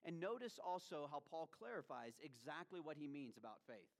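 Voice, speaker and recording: A man preaching a sermon as pastor, emphatic, swinging between ringing declarations and hushed, quiet lines. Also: on the high side, big pitch swings, moderate pace. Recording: long reverb of a large hall.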